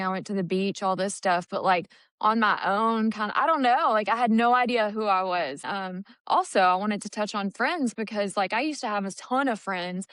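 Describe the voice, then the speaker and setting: A woman's voice: medium pitch, fairly bright tone, smooth, no room sound. A woman co-hosting a recovery podcast, telling her own story openly and earnestly in casual chat. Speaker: podcast co-host.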